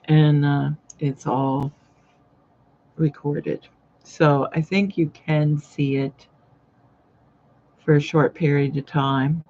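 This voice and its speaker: A woman's voice: sits low, darkish tone. A woman hosting a casual live sewing chat, rambling and greeting viewers by name as she works. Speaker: sewing channel host. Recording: dull lo-fi live-stream audio.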